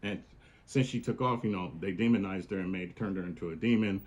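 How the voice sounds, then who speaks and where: Male podcast host, low-ish, profane casual storyteller. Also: fairly quick. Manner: profane, slangy, animated retelling.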